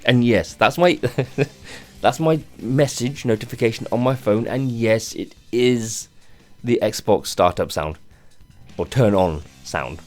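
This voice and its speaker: A tired man rants off the cuff on a gaming vlog, rambling and halting with many restarts and plenty of swearing. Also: mid-range voice, faint music behind. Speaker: gaming channel host. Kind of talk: unscripted rant vlog.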